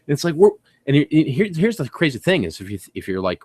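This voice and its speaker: Excitable man, lively pitch. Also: brisk, dry recording. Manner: excitable, animated storytelling with acted-out reactions; laughs often, swears casually. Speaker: livestream host. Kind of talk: casual livestream chat.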